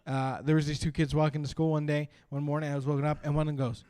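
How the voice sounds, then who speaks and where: A man doing a stand-up set, rambling with lots of fillers and breaking into sudden loud bursts. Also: fairly high pitch, level tone, quick pace, clear, resonant tone, dry recording. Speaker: stand-up comedian.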